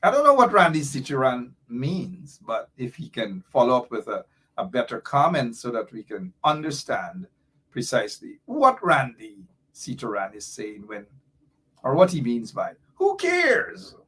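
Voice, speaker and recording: A middle-aged man hosts a live talk show, riding an impassioned, rambling line of commentary. His pitch sits right in the middle of the range for men. He breaks off now and then to read out comments from listeners. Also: very animated, moderate pace, fairly bright tone, breathy edge.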